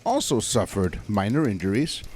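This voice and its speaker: A male co-host reads strange news items on a comedy podcast, his pitch swinging widely as he delivers dry punchlines. He trips over words here and there. Faint noise sits under the recording. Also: expressive, normal speed, a little mellow. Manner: reads reports aloud with dry asides and stumbles.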